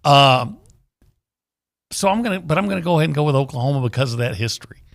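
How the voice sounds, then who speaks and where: A man's voice: fairly high pitch, quick pace, vocal fry. A man co-hosting a casual sports talk radio show, rambling through his game picks with lots of restarts. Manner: rambling, restarts mid-thought, animated.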